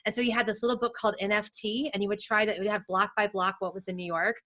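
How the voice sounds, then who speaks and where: A woman from the United States, a photographer guest on a podcast, telling stories in a casual, animated way and acting out what others said. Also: medium pitch, racing. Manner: animated, laughing, acts out quotes.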